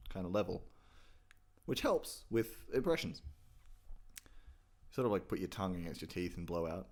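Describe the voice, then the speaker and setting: Man, comedic tutorial host, rambling and swearing, lively low voice. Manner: rambling, swearing, self-mocking. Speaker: channel host teaching impressions.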